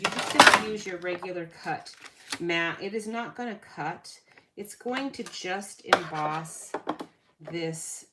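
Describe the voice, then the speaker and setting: A woman hosting a card-making tutorial, chatting casually and thinking aloud as she works at her craft table. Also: fairly low pitch. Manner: chatty, thinks aloud, self-correcting, laughs at herself. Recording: loud background noise.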